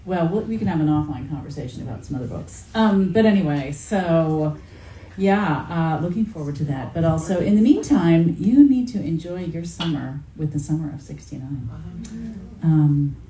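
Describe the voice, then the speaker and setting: A woman's voice: sits low, mellow. Chatty woman author in a roomy bookstore. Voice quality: chatty, many fillers and restarts. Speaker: author in conversation. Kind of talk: casual chat at bookstore event. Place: bookstore event room. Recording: roomy hall, faint background noise.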